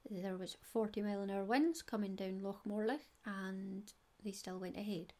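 A woman's voice: medium pitch, fairly even intonation, moderate pace, mellow. A middle-aged Scottish woman hosting a knitting podcast, chatty and digressive with giggles. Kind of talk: casual solo podcast chat.

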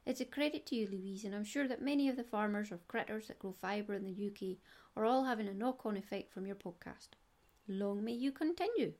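A woman's voice: medium pitch, fairly quick, darkish tone. A middle-aged Scottish woman hosting a knitting podcast, chatty and digressive with giggles. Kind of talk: casual solo podcast chat.

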